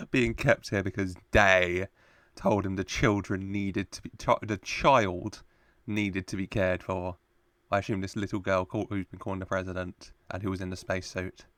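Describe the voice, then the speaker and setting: Chatty man with a low voice. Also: steady tone, normal speed, a bit bright, no echo. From United Kingdom. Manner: chatty, laughs often, playful asides. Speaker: reaction video host. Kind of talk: casual commentary on a TV episode.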